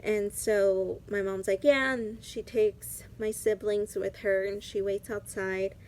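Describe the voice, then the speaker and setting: A woman's voice: mid-range voice, little pitch movement, slow, a little mellow. A young woman talks through a personal story to her camera in a loose, casual storytime. Her speech is chatty and peppered with "like" fillers. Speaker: vlogger.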